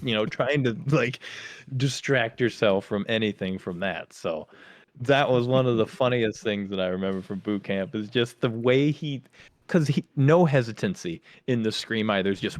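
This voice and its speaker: A man co-hosting a podcast, telling a lively story about his days as a Marine and acting out his drill instructors. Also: medium pitch, normal speed. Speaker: podcast co-host; former Marine. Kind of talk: casual storytelling chat.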